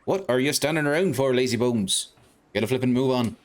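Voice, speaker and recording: A man's voice: mid-range voice, fairly quick, slight background noise, voice pushed up, close to an everyday voice. A man putting on a brash cheeky fairy sidekick. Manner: brash, slangy, teasing. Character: cheeky bossy male fairy sidekick creature. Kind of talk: reading game dialogue aloud.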